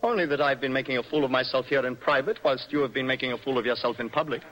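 An actor playing a nervous, dreamy young poet in a radio stage play, speaking in a poetic, impassioned way. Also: male voice, mid-range voice, quick pace, fairly bright tone, natural voice, poor audio. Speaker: young poet in love with a married woman.

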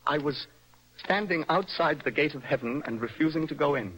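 A highly strung young poet in a radio play, his voice light, bright and a little breathy. He swings his pitch widely as he moves between dreamy musing and impassioned outbursts. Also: animated, fairly quick, rough recording. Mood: bitter. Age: young adult. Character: young man, a nervous, passionate poet. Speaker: romantic rival. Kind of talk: old-style radio drama acting.

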